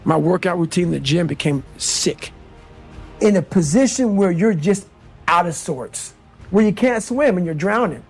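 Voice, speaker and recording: A man's voice: high voice, animated, moderate pace, slightly rough, soft background music. A man giving an intense, blunt motivational speech in an emphatic manner. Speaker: motivational speaker.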